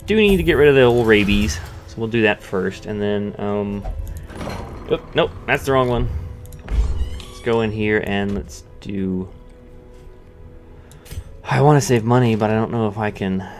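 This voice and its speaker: A man's voice: on the low side, normal speed, faint music behind. A man giving casual let's-play commentary, thinking aloud with many restarts and fillers. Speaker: gameplay commentator.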